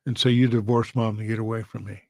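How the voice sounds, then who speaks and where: A man's voice: lowish voice, little pitch movement, fast talker, warm tone, no room sound. A man, a pastor, telling an emotional story in an earnest, heartfelt way. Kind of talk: storytelling sermon.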